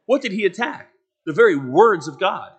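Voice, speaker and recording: A man preaching a sermon, earnest and emphatic, talking straight to the congregation with conversational asides and sudden swings between loud and quiet. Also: high voice, very animated, moderate pace, slightly rough. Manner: earnest, emphatic, rising and falling with dramatic swings in volume.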